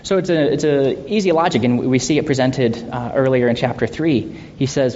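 A man leading a Bible study in a conversational way, asking rhetorical questions and laughing softly now and then. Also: moderate pace, few pauses. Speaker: Bible teacher. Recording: dull lo-fi sound with faint rumble.

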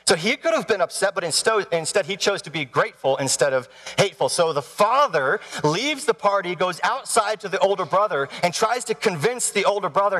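A man's voice: a little high, expressive, a little fast, few pauses, fairly bright tone. A man in his thirties preaching a sermon, telling a story with animation and asking the congregation questions. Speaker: pastor. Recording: long hall reverb.

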